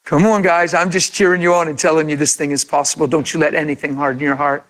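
A man's voice: on the high side, steady tone, quick pace, a bit bright. A man preaching a sermon in an impassioned, conversational way, acting out imagined quotes.

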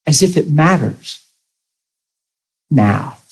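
A male preacher with a somewhat high, husky voice delivers a sermon. He tells stories with lively acted-out quotes and laughs along with his audience. His pace runs from quick asides to slow, stressed points. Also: poor audio. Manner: animated storytelling with acted quotes.

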